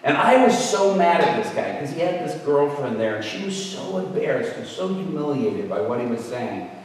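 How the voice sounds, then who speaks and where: Man, storytelling sermon, conversational, animated, distant mic, faint background noise. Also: a little high, moderate pace, very echoey, in a large hall. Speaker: guest preacher. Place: large echoey hall.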